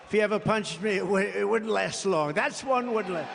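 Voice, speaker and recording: A man's voice: high voice, moderate pace, vocal fry, hardly any pauses, heavy background noise. A man giving a rambling, boastful rally speech from a podium microphone, with off-the-cuff asides to the crowd. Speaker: political candidate at a campaign rally. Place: large rally venue before a crowd. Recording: long reverb of a big rally hall.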